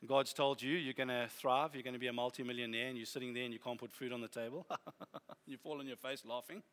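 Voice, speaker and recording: A man preaching a sermon, animated and humorous, building to loud exhortation. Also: medium pitch, fast. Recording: long hall reverb.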